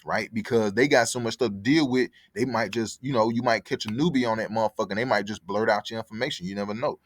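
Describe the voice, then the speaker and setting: A man's voice: lowish voice, quick pace, no echo. Profane rambling man telling a story. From born in Connecticut, raised in Atlanta. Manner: profane, rambling, repeats "for real". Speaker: podcast host. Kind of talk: casual storytelling monologue.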